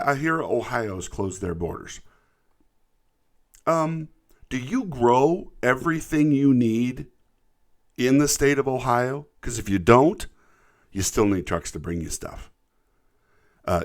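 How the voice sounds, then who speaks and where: A man from the United States, a truck driver, ranting in an indignant, emphatic commentary, repeating words when worked up. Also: on the low side.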